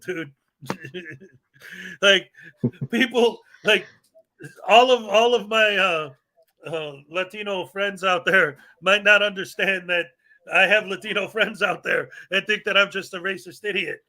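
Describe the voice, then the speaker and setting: A man's voice: sits high, bright, forceful tone. A man hosting a casual live stream, joking around and laughing often. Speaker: livestream host.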